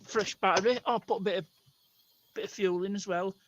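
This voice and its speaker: A man's voice: high voice, fairly even intonation, fairly quick, lo-fi sound. A man outdoors on a phone video call, talking matter-of-factly through car repairs. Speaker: livestream guest. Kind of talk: casual chat. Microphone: phone camera on a video call.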